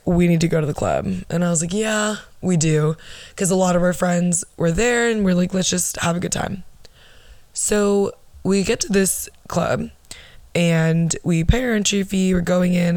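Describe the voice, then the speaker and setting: A woman's voice: fairly low pitch, a little mellow, dry recording. A young woman in her twenties telling a story on her podcast in a casual, sarcastic and blunt way, swearing freely. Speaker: podcast host.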